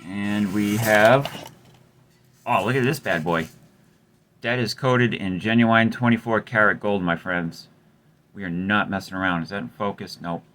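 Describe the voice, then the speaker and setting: Man, host, casual chat, rambling, wry, lowish voice, bright and forceful. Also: unhurried, slight background noise. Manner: rambling, wry and self-mocking, lots of fillers. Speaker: host of a guitar repair channel. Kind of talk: casual chat while working on a guitar.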